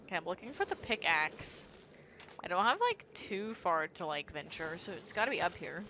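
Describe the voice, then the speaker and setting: Excitable young woman, gaming commentary, lively swooping pitch, bright tone, soft music underneath. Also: normal speed. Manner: giggly and excitable, gasps and squeals often; chatty, heavy use of "like". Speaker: gaming channel host. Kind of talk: casual let's play commentary.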